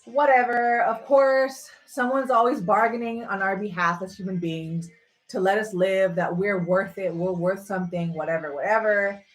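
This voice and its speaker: A woman's voice: mid-range voice, steady tone, moderate pace, low-quality recording. A woman hosting a livestream, ranting casually and sarcastically, swearing freely. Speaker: livestream host. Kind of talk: casual rant.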